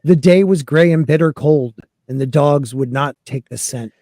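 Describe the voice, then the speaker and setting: A man's voice: on the high side, normal speed, warm tone, no echo. A man hosting a podcast, reading a fantasy book aloud and joking with his co-hosts. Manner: reads narration then jokes with panel. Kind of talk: casual reading and discussion.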